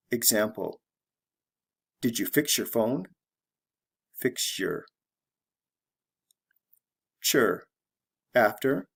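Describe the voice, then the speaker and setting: A man with an American accent gives a scripted pronunciation lesson, pausing between words and repeating each example phrase. His voice is gravelly and a little husky, and he speaks at an unhurried, drilling pace. He sounds like a patient teacher reading from a lesson plan. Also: mid-range voice. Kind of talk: slow scripted lesson narration.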